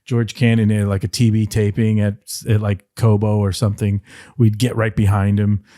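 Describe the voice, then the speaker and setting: A middle-aged man from the Detroit area, a podcast guest, telling rambling, animated stories and slipping into playful voice impressions. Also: on the low side, normal speed, no room sound, clean studio sound. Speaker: podcast guest, former wrestling writer. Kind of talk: casual interview storytelling.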